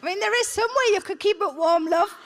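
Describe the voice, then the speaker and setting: A woman's voice: extremely high pitch, fast talker. A woman comedian doing bawdy, chatty stand-up crowd work in a theatre, laughing at her own jokes. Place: large theatre on stage. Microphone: handheld stage mic. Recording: live theatre with loud noise.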